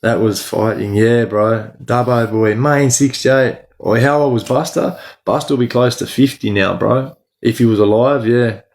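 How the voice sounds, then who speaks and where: A man's voice: medium pitch, moderate pace, few pauses, darkish tone. A middle-aged Australian man hosting a casual livestream, answering viewers by name in slangy talk full of "bro". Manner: slangy, talks to chat by name, says "bro" a lot. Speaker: livestream host.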